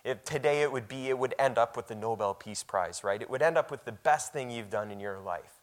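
A man preaches a sermon conversationally and fairly quickly, often repeating words. When reading scripture aloud, he grows much louder and rises sharply in pitch.

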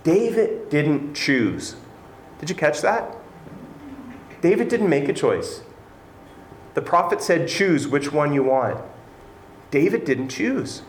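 A man's voice: fairly high pitch, very animated, slow, pauses often. A man preaching a sermon in an earnest, conversational way, building to emphatic points. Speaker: pastor. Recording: echoey room with faint noise.

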